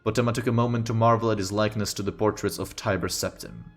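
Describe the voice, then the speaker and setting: A man reading a fantasy story aloud on a stream, with steady, unhurried storytelling. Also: fairly low pitch, soft background music.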